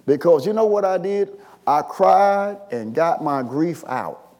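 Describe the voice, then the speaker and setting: An older preacher in his late sixties delivers a sermon in an unhurried, drawn-out cadence. His fairly high voice leaps wildly between murmured asides and shouted exclamations. He calls out to the congregation in classic call-and-response fashion. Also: expressive. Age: 60s.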